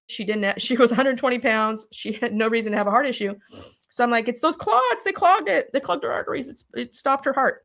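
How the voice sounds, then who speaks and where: Brief: middle-aged woman, interview guest, urgent and emphatic storyteller, voice sitting a little high. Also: a bit bright. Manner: urgent and emphatic, acts out her own past words in quotes. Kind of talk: emotional personal storytelling.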